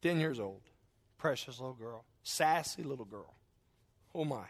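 A man preaching a sermon and telling a family story in a folksy way, moving between loud emphasis and quiet, hushed lines. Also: mid-range voice, lively intonation, a little slow. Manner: acts out quotes in his story. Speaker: pastor.

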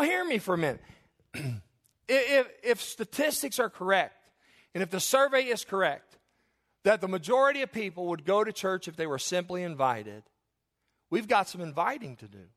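A man preaching a sermon in a church, swinging between loud emphatic lines and quiet earnest asides. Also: high-pitched, moderate pace. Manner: animated preaching, loud swells then hushed earnest asides. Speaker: pastor. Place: church sanctuary.

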